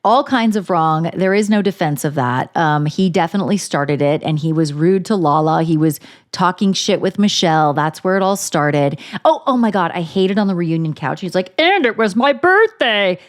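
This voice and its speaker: A woman co-hosting a podcast, chatting casually in a crude, joking, animated way. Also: deep voice, normal speed, few pauses. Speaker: podcast co-host. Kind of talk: casual chat.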